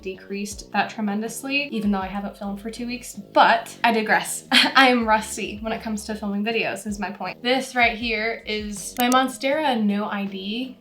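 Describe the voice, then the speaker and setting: A woman's voice: on the high side, a bit bright. A young woman with a slightly congested voice from a cold, chatting casually and rambling a little in a vlog. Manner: chatty, rambling, self-deprecating. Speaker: plant content creator. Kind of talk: casual vlog talk to camera.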